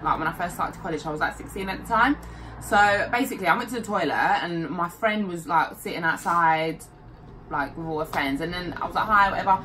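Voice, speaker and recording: A woman's voice: fairly low pitch, fairly quick. A young British woman chatting casually and telling stories, giggling and acting out what people said. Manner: animated, giggly, acts out quotes. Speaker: co-host. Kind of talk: casual chat, storytelling. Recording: distant mic, faint hiss.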